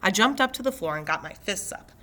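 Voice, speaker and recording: A woman teacher reading a novel aloud, telling the story steadily in a bright, crisp voice. Her pitch sits in a middle range. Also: animated, quick pace.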